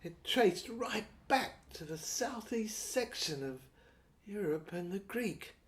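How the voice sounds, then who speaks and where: A woman reading a first-person audio novel in a dreamy, wandering, halting way. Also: mid-range voice, lively intonation. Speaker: narrator.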